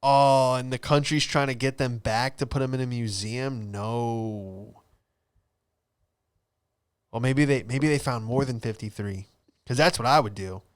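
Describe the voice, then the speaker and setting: Laid-back young man, smooth voice. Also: medium pitch, a little slow. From Florida. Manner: laid-back, rambling storytelling with slang. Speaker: podcast host. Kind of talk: casual solo podcast chat.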